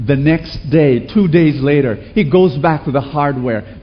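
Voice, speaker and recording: Fairly high-pitched and a little slow, the preacher speaks with hardly any pauses while the recording's highs are cut off. He keeps the congregation answering back, telling animated stories and putting rhetorical questions to them.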